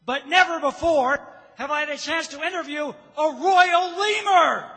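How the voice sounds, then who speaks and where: A man's voice: very high voice, normal speed, pushed and bright. A man who is a news reporter, presenting at a live event in a playful way. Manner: playful, announcer-like. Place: large live event hall. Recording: reverberant hall.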